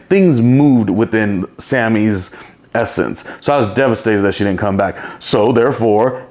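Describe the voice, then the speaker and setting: A man's voice: mid-range voice, a little mellow. Rambling, chatty male podcast host. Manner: chatty and rambling, with playful impressions and frequent laughs. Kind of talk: casual solo commentary.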